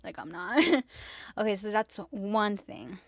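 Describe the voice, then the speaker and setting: A woman's voice: mid-range voice, expressive, slow, dry recording. A woman hosting a podcast in casual chat, talking emphatically with lots of "like", repeating herself and swearing freely. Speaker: podcast host.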